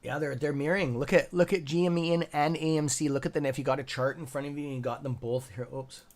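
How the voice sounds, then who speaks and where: A man with a fairly high-pitched voice and quick pace hosts a stock trading livestream, giving live market commentary and reading chat. He's excitable and profane, calls viewers by nickname, and mutters asides to himself under his breath.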